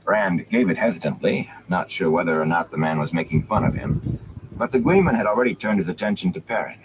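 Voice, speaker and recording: Low-voiced man reading a fantasy novel. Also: a little fast. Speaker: audiobook reader. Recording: steady background noise.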